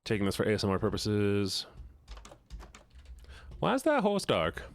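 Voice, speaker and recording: A man chatting casually with his live-stream audience while playing a game, joking, playful and quick to laugh. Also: on the low side, huge pitch swings. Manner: playful and joking, laughs often, teases chat.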